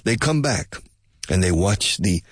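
A man's voice: low-pitched, animated, measured pace, husky. A man teaching English in a casual spoken lesson, musing and speculating aloud and drilling pronunciation by repetition.

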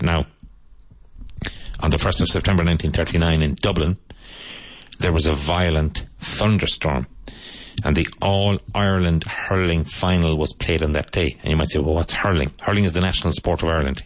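A man with a very low voice hosting a live English lesson. He repeats each question and answer slowly for learners, in a patient teaching manner. The sound is dry and close. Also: steady tone, dry recording.

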